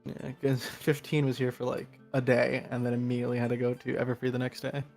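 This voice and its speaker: A man's voice: mid-range voice, fast talker, creaky, faint music behind. A young man from New Jersey with a New York accent, chatting casually and rambling as a guest, tired from little sleep. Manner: rambling, animated when telling stories. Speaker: guest player. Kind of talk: casual chat.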